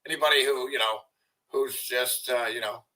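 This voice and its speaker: A man commenting on clips in an angry, profane rant that now and then bursts into shouting. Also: mid-range voice, steady tone, normal speed, rough recording. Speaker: video commentator.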